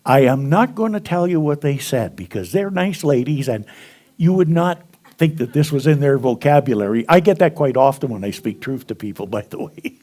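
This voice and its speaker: A man's voice: mid-range voice, sing-song, normal speed, a little mellow. A man preaching a sermon, telling stories to a congregation and acting out the dialogue with chuckles along the way. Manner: storytelling, acts out dialogue, chuckles. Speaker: minister. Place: spiritual center congregation.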